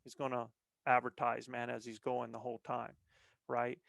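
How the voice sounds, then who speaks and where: A man's voice: mid-range voice, monotone, moderate pace, creaky, fairly bright tone, no echo. A middle-aged man, a guest on a podcast, talking casually and plainly about hunting, often tossing in "man" and repeating words as he restarts. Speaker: guest, elk hunter.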